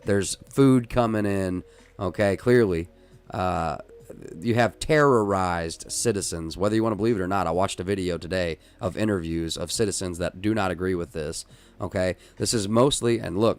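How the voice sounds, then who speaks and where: Smooth low-voiced man ranting on a podcast. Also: moderate pace. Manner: rambling, emphatic, repeats himself and restarts; rises into loud, excited ranting. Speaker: podcast host. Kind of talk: casual live-stream podcast chat.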